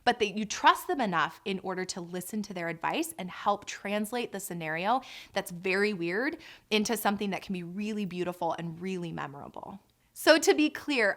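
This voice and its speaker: Bright-voiced candid woman doula. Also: medium pitch. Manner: warm, candid, drops to soft coaching tones. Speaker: doula and birth educator. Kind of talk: casual explanatory talk.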